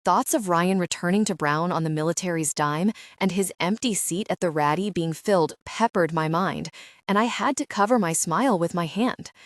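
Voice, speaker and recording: A woman's voice: on the low side, moderate pace, no echo. A woman narrating a romance audiobook in the first person, telling the story steadily into a close mic.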